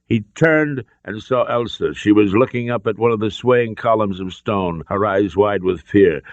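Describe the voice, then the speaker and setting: A man's voice: mid-range voice, no echo. A man reading an adventure story aloud with dramatic narration. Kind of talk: scripted narration. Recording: dull dry lo-fi audio.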